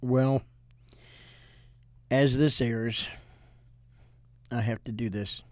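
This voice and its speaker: A man's voice: mid-range voice, steady tone, extremely slow, darkish tone, no echo. An older man co-hosting a ministry podcast as a pastor, chatting casually with wry teasing and hedging restarts. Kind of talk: casual chat.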